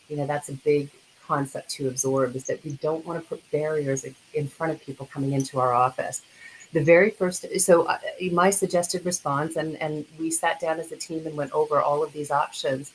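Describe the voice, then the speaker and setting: A woman presenting in a webinar, earnest and a little halting, sometimes acting out phone scripts. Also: low voice, a little hiss or hum, poor audio. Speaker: dental practice consultant speaker.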